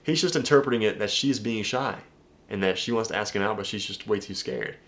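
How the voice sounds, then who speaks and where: A man's voice: on the low side, fairly quick, fairly bright tone. A man coaching viewers on dating in a casual video breakdown, talking emphatically, swearing and addressing the audience directly.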